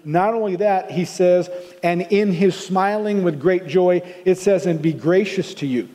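A man's voice: high voice, a little slow, dark tone, big-room sound. An older man from the American South with a Southern accent, preaching a sermon in an earnest, conversational way. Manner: conversational, earnest, with many restarts. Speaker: pastor.

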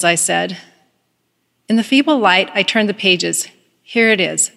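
A woman's voice: mid-range voice, expressive, unhurried, creaky, pauses often, a bit bright. Earnest woman speaker in a reverberant hall. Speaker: devotional speaker. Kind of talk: devotional address with story reading.

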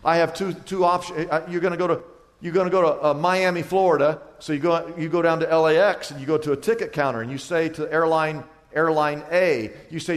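Male pastor, sermon delivery, dynamic with sudden high loud peaks, reverberant sanctuary sound. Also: steady tone, fairly quick. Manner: acts out little dialogues for illustration.

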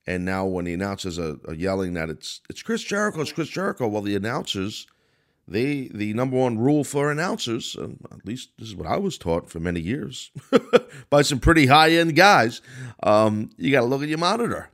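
A man's voice: on the low side, expressive, normal speed, a bit bright. A middle-aged man with a New York accent, hosting a wrestling podcast and giving blunt, rambling commentary full of restarts. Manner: blunt, rambling, self-correcting. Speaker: podcast host and former wrestling announcer. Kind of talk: casual commentary monologue.

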